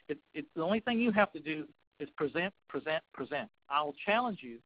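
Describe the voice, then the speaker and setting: A man's voice: a little high, highs cut off. A man who coaches real estate investors, talking in a folksy storytelling manner as a guest on a webinar. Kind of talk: webinar talk.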